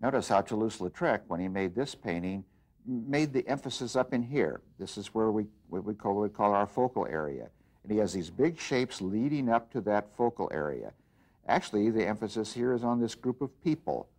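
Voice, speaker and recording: A man teaching an art lesson, explaining design principles in an unhurried way as he works, with frequent pauses and restarts. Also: lowish voice, expressive, a little mellow. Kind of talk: demonstration lesson.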